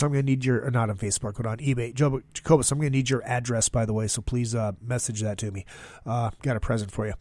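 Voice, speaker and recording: A podcast host with a medium-pitched, darkish voice delivers a casual solo monologue. The studio sound is clean with no room sound, and he rambles in an upbeat way with plenty of fillers.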